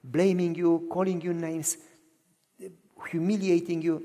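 Male pastor preaching, high voice, hushed to shouted, long church reverb. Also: expressive, normal speed. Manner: acts out quoted voices in dialogue. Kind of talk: sermon.

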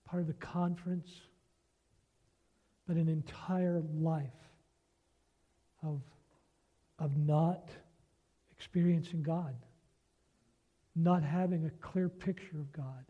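A man's voice: a little high, steady tone, slow pace, pauses often, warm tone, dull audio. A man preaching a sermon, telling a prayer story and reading scripture, earnest and often asking his listeners rhetorical questions.

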